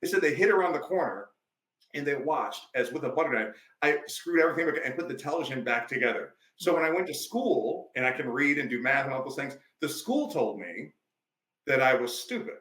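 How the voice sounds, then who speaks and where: A man's voice: mid-range voice, animated, fairly quick, fairly bright tone, reverberant, poor audio. A male life coach, a podcast guest, telling stories emphatically in a preachy, conversational way.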